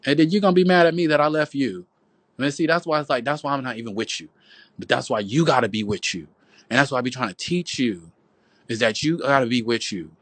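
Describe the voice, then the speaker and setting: Speaking in a medium-pitched, somewhat bright voice, a livestream host at home rambles through a profane, preachy, sermon-like monologue on his phone. He keeps repeating himself and calls his audience "boo" and "y'all." The recording is dry.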